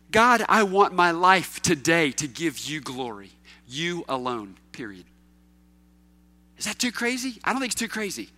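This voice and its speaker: A man preaches to his congregation, his voice high and bright. He presses loud, emphatic questions, then drops to quiet, low asides. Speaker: pastor. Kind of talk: sermon.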